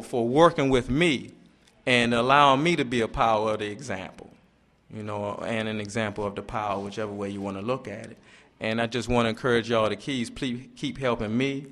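A middle-aged man sharing his personal testimony at a recovery meeting, halting and earnest, often repeating words as he gathers his thoughts. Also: mid-range voice, a bit bright.

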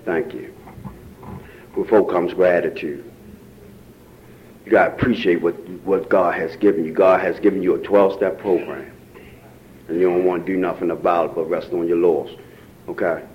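Man with a Baltimore accent, fiery meeting testimony, shouts and near-tears, lo-fi room recording. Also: sits low, fairly even intonation, moderate pace, a little hiss or hum. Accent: African American Vernacular English, Baltimore. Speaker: recovery meeting speaker. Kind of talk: impassioned testimony.

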